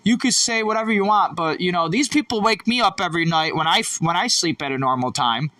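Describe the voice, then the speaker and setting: High, bright-voiced young man ranting. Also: fast talker, far from the mic, low-quality recording. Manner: rambling, profane, agitated. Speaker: YouTube vlogger. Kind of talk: late-night rambling rant to camera.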